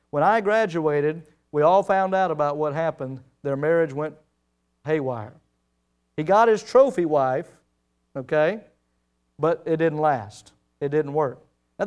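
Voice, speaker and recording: A man's voice: high voice, smooth. A middle-aged man preaching a sermon, retelling Bible stories and acting out the quoted lines. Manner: storytelling, acts out the quoted lines.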